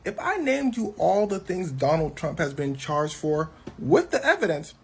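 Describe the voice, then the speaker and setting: Animated man doing comic storytelling. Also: high voice, moderate pace, creaky, a little hiss or hum. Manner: animated, switching voices for characters. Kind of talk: comedic storytelling commentary.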